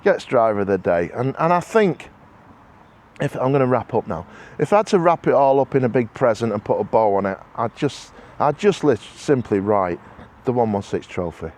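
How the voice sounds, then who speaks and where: A man's voice: medium pitch, expressive, normal speed, a little mellow. A man talking casually to camera in a vlog, rambling and heartfelt, with many restarts and repeated words. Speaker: motorsport club organiser. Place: outdoors at a racing circuit.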